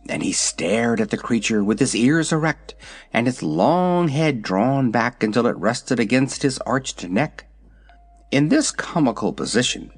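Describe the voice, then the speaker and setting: A man narrating a children's storybook aloud in an expressive way. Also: mid-range voice. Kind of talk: audiobook reading.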